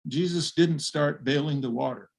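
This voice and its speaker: A man's voice: on the high side, normal speed, vocal fry. An older man preaching a sermon, retelling a Bible story vividly and voicing its people. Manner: vivid retelling with acted quotes.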